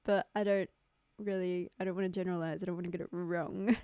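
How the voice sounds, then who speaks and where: With a lowish, warm, clean voice that barely moves in pitch, a young woman speaks briskly while hosting a relaxed livestream from home. She uses a desk mic and no headphones, and the studio-quality audio has no echo. Her chat is giggly and full of "like" fillers.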